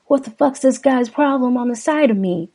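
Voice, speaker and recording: A woman voicing a drunk, menacing young man who mocks and threatens his wife in a gravelly, sneering voice. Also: high voice, moderate pace, mellow, pitched above the performer's own voice. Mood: accusing. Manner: sneering, mocking and profane.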